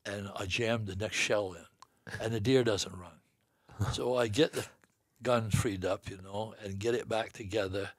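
A man's voice: on the low side, steady tone, unhurried, hardly any pauses, breathy edge, no echo, studio quality. An older man from the northeastern United States, a guest telling a long hunting story in a folksy way, laughing between lines. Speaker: guest hunter. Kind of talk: storytelling in casual chat.

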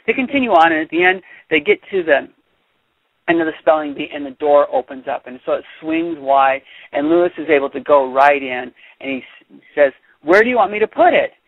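Man reading a picture book to a class, animated and chatty; husky, dry, phone-line audio. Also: a little high, fairly quick, no room sound. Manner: animated, chatty, stops to explain. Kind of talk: read-aloud storytelling with commentary. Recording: dry, tinny phone-like sound.

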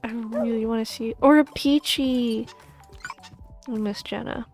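A young woman with a slightly high voice talks slowly and unhurriedly through a pet game stream. She coos and gushes over each animal, often slipping into soft whispers, with faint music playing behind her. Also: fairly even intonation. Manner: gushing, cooing over pets with frequent soft whispers. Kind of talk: casual gaming stream chatter. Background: faint background music.

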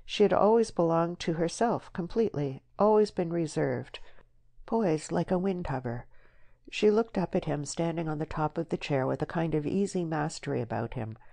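Woman audiobook narrator, dark low tone, steady reading. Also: moderate pace, vocal fry. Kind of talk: scripted narration.

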